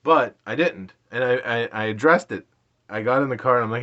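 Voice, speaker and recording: A man's voice: mid-range voice, a little fast, highs cut off. A man in his late thirties casually telling an embarrassing story, rambling, self-deprecating and laughing often. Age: 30s. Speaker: vlogger.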